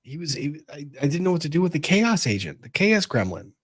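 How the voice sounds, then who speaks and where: A man's voice: on the high side, sing-song, brisk, husky. A man hosting a casual online legal panel chat over a video call, wry and joking. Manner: wry, joking, talks to his dog in a soft voice. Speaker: show host.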